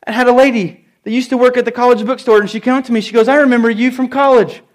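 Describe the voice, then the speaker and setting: A middle-aged man preaching a sermon in church, telling stories and stressing key phrases with slow, emphatic repeats. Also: very high-pitched, little pitch movement. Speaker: pastor.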